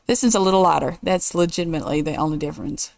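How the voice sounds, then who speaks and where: A woman's voice: fairly low pitch, brisk, vocal fry, a little mellow, dry recording, studio quality, soft background music. A woman hosting a casual let's play, thinking aloud and weighing choices as she builds. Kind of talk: casual gameplay commentary.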